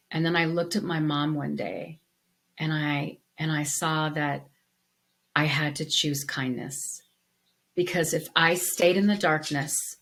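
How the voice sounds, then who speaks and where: Woman, podcast co-host, casual chat, lowish voice, lively storytelling, restarts mid-sentence. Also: creaky. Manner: animated storyteller with many restarts. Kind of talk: casual conversation.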